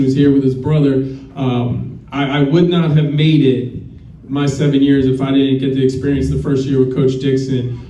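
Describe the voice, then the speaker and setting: A man's voice: on the high side, warm tone, slight background noise. A man giving a rambling, self-deprecating hall of fame acceptance speech as a coach. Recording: roomy, distant, muffled.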